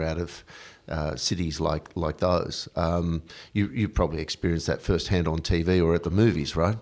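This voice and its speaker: Deep-voiced man, halting and thoughtful. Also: darkish tone. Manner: hesitant, many ums and restarts. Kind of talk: casual interview talk.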